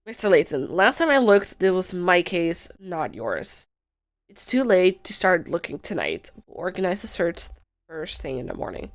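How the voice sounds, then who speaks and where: A woman's voice: on the low side, very animated, moderate pace, dry recording. A woman reading a stubborn male police inspector's lines aloud, indignant in manner. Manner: reads game dialogue aloud, indignant.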